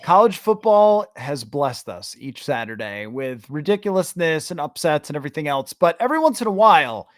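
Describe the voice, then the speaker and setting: Man, podcast host, fairly high voice, sarcastic animated rants, dry studio sound. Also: dry recording. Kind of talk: casual sports chat.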